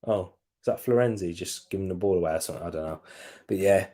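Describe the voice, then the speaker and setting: A man's voice: low voice, fast, mellow. A young man hosting a live football watch-along, chatting casually, reacting to the match and answering viewer comments.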